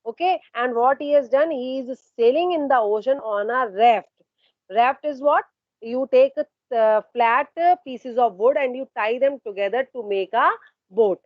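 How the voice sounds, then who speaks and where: Line by line, a woman instructor explains a story during an online class, raising questions and then answering them, restating and repeating her points. Her voice is somewhat high and a little slow. There's no room sound, but the recording is muffled.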